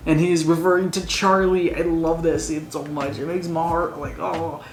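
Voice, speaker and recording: A man giving a casual, excitable spoiler review of a movie, gushing like a fan and using slang. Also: on the high side, normal speed. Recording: roomy echo, faint noise.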